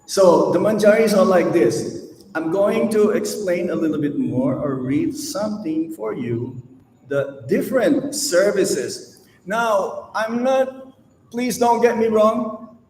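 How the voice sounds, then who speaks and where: A man giving a slow, emphatic devotional sermon to an audience, with rhetorical questions. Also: sits high, a little mellow, slight background noise. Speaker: swami giving a lecture. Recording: echoey hall, mic at a distance.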